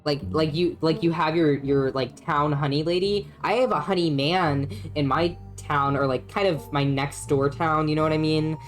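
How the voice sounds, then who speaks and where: A young woman with a low voice chats loosely with her stream audience while she plays. She swears freely and laughs a lot. Faint music plays underneath. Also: fairly even intonation, normal speed, hardly any pauses. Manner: chatty and profane, laughs often, talks to chat. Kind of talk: casual live-stream chat while playing a story game.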